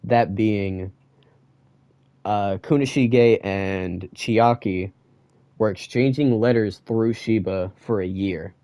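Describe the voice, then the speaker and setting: A young man giving a casual manga chapter review, ranting and excitable and full of slang. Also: on the low side, takes it slowly, dry recording.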